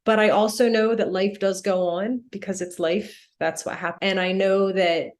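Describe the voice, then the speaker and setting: A woman's voice: medium pitch, steady tone, moderate pace. A woman in her forties, a death doula talking in a podcast interview, speaking earnestly and reflectively. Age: 40s. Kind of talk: candid podcast conversation.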